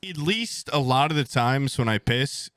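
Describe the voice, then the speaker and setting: Bright-voiced young man rambling crudely. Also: mid-range voice, expressive, normal speed, smooth, no room sound. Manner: rambling, crude, blunt, frequent swearing. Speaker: streamer. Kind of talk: casual storytelling to chat.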